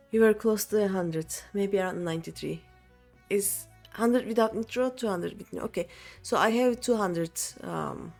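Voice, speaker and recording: Young woman, game streamer, casual chatty talk, faint music behind. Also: medium pitch. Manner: chatty, counting under her breath. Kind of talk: casual chat while playing.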